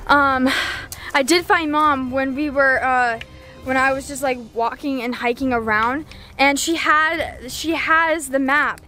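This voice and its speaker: Chatty high-voiced woman vlogging on a trail. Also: steady tone, measured pace, pushed and bright, soft background music. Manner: chatty and breathless, lots of "like" and restarts, playing up suspense. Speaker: family vlogger on an acted adventure hunt. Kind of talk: acted adventure vlog, talking to the camera. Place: outdoors on a wooded hiking trail.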